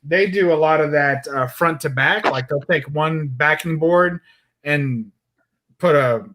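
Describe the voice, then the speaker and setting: A man's voice: fairly high pitch, fairly bright tone. A man hosting a casual chat among collectors, agreeing often and adding his own views. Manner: chatty, quick agreeing interjections. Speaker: host.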